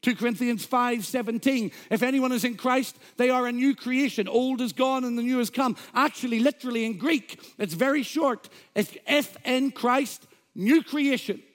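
A man's voice: very high-pitched, normal speed, few pauses, a bit bright. A man, a Pentecostal pastor, preaching an emphatic sermon in church, quoting scripture and joking with the congregation.

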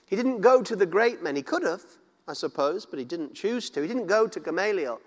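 Preacher in a reverberant hall. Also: male voice, high voice, animated, a little fast. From northern England. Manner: conversational, many restarts and repetitions, playful asides. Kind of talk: sermon.

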